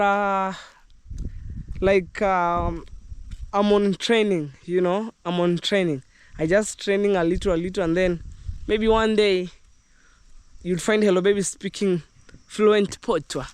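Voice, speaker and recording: High-pitched and clean in tone, a young Kenyan man with a Kenyan accent films a walking vlog out in the countryside. His casual talk to camera rambles cheerfully, dotted with Jamaican slang for his viewers.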